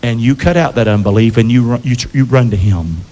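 A pastor with a warm, mid-range voice preaches to his church a little fast, in call-and-response style, calling out questions for the congregation to answer and asking them to repeat lines. The church sanctuary gives the recording a long hall reverb.

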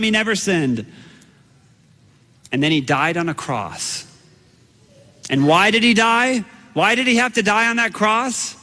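A high, bright-voiced man preaching in a lively, bouncing way. He tells his sermon as a story and acts out his own shouts, with a long hall reverb trailing each line.

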